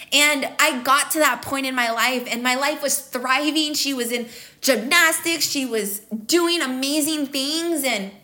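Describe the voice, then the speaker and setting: A woman's voice: sits high, pushed and bright. A woman in her thirties hosting her own podcast, telling a candid, emotional personal story straight to her listeners. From American Midwest. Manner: emotional, candid, addresses listeners as "you guys". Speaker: podcast host. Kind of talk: confessional podcast monologue.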